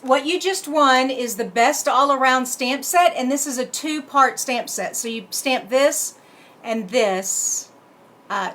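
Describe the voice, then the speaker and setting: In an echoey room with faint noise in the background, a woman with a fairly high, somewhat bright voice chats away on a casual live stream. She runs a card-making channel and talks to herself as she works the computer.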